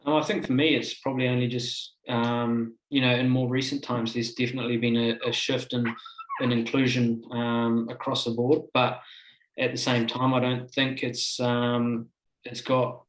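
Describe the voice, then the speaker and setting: A man answering a panel question on a video call, reflective and measured. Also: mid-range voice. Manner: reflective, flat delivery. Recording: echoey room on a video call.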